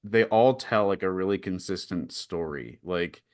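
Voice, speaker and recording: A young man with a very low voice chats on a podcast, laughing often and tumbling over filler words as he gets excited. The sound is dry and close, with no room around it. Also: measured pace, no echo. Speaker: podcast co-host. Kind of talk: casual chat.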